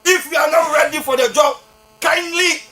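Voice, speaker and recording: Brief: Ghanaian male political host, very high-pitched and sharp, fervent, shouting scolds. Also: fairly even intonation, quick pace. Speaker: political talk show host. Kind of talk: fiery political commentary. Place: radio or TV studio.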